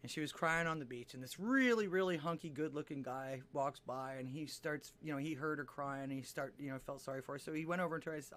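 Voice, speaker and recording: Man guest telling jokes, chatty and rambling, voice pitched high. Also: fast, fairly bright tone. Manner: rambling, laughs often, acts out voices in jokes. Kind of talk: casual chat and joke telling.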